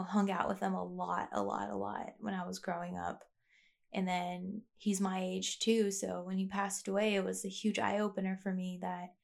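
A woman's voice: mid-range voice, gravelly. Young woman musing on her podcast. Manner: rambling, reflective, with frequent fillers and restarts. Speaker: podcast host. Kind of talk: casual personal monologue. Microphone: plugged-in podcast mic.

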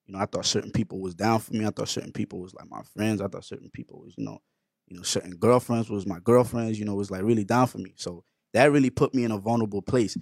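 A man's voice: lowish voice, steady tone, quick pace, creaky, a little mellow, husky, dry recording, clean studio sound. A man in a casual faith discussion, rambling and repeating "you know what I'm saying". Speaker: co-host.

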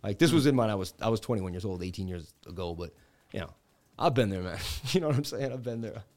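A man's voice: on the low side, animated, fast, a little mellow. A man in his thirties from the Boston area, hosting a casual crypto livestream and telling rambling stories full of "like" and "you know, man.". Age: 30s. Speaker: crypto stream host.

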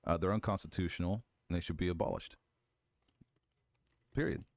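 A man from the United States, a congressional candidate being interviewed, speaking firmly in flat, declarative statements of conviction. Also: low-pitched, fast, dry recording, clean studio sound. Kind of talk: political interview.

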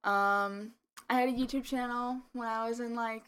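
A woman's voice: fairly high pitch, moderate pace, clear, resonant tone. An eighteen-year-old woman co-hosting a casual podcast, telling stories with lots of laughter and "like". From United States. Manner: giggly, animated storytelling with frequent "like". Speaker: podcast co-host. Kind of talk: casual chat.

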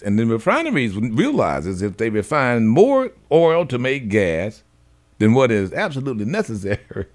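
A male radio host in the middle of an opinionated monologue, his pitch swinging up and down with lively energy. He talks in a folksy, preachy way and drops little laughs between his points. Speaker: radio talk show host.

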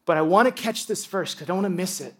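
A man preaching a sermon to a congregation, animated and excitable, dropping from loud bursts to hushed tones. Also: sits high, fast. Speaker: pastor.

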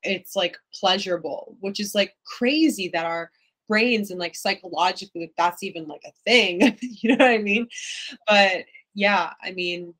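A woman's voice: mid-range voice, a little slow, a bit bright, low-quality recording. A young adult woman speaking candidly and reflectively as an interview guest, with many filler words. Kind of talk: casual interview talk.

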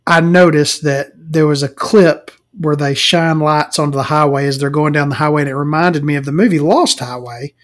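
Profane, ranting man with a higher voice. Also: steady tone, normal speed, hardly any pauses. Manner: profane, sarcastic, laughs at own jokes. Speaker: movie reviewer. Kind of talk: rambling movie rant. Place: home recording, eating and drinking.

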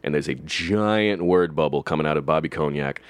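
A man's voice: very deep voice, moderate pace, no echo. A man in his thirties casually telling a profane, laugh-filled story about old coworkers on a podcast. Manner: swearing, laughing storyteller who mimics coworkers. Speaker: guest storyteller.

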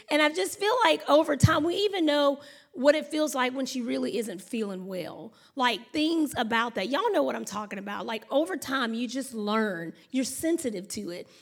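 A woman, preaching a sermon in a chatty storytelling way and talking to the congregation as y'all and honey. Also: sits high. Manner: chatty, animated storytelling with laughs and acted-out noises. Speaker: pastor.

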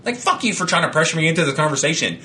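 A man in casual chat who rants with lots of swearing, laughs as he talks, and mocks other people in flat put-on voices. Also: a little high, very fast, slight background noise. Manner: laughs often while talking.

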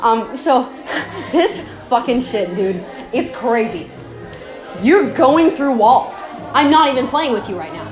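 Young woman, high voice, rambly casual chatter full of laughs and cursing; roomy echo, clear music underneath. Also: sing-song, takes it slowly. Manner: rambling, laughing, swearing, slangy. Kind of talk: casual recorded chat about game lore.

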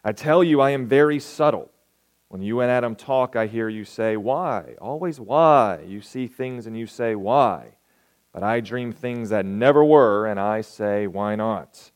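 Guy reading out a sly sweet-talking serpent, slow and calm. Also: fairly low pitch, close to an everyday voice. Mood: coaxing. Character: sly flattering tempter serpent from a play.

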